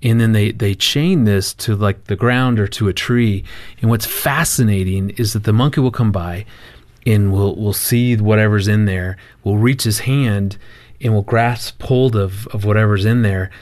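A man in a casual conversation, telling a family story in an animated way and acting out the quoted lines. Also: lowish voice, normal speed, no room sound. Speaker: marriage counselor and guest.

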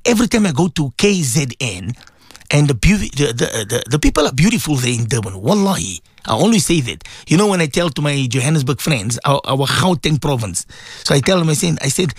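A chatty middle-aged man from South Africa hosts a radio show, reading listener messages and laughing along. His pitch sits a bit high and swings widely as he talks. The studio sound is close and dry. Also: very animated, a little fast, breathy edge, dry recording. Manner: chatty, affectionate, laughs often. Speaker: radio presenter.

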